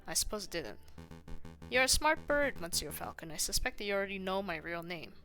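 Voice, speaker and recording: A woman reading a suave male fox schemer aloud from a game, smooth and grandiose. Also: mid-range voice, sing-song, fairly quick, sharp tone, soft background music. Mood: sly.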